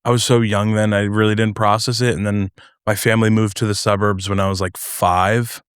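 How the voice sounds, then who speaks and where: Rambling young man from New Jersey, low voice. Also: little pitch movement, fairly quick, clear, resonant tone, no echo, clean studio sound. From North New Jersey. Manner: rambling, hesitant, many fillers. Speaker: comedian guest. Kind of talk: casual podcast interview.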